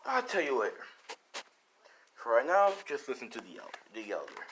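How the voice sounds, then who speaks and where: A calm grown fighter who takes a boy under his wing, speaking low and measured, as a man puts him on. The delivery is casual fan storytelling with lively swings between lines. A faint hiss sits under it. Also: rough recording. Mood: calm, assured. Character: calm quirkless male mentor fighter.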